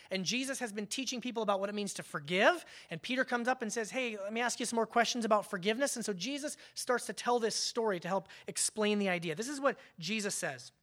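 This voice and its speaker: This pastor's voice sits high as he preaches a conversational sermon. Emphatic swells alternate with hushed drops, and he frequently repeats words while restarting phrases.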